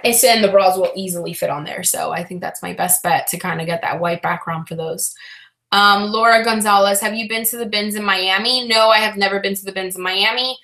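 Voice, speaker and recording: A young woman chatting casually to her live-stream viewers, rambling and frank with many fillers and restarts, sounding low and frustrated. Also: a little fast, pushed and bright. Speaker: reseller vlogger answering live chat.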